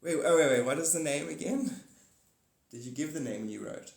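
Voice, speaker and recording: A man's voice: a little high, animated, normal speed, vocal fry. A man chatting on a live stream, rambling and joking, swearing now and then and correcting himself. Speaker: live streamer and paid reader. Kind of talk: casual live-stream chat. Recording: roomy echo.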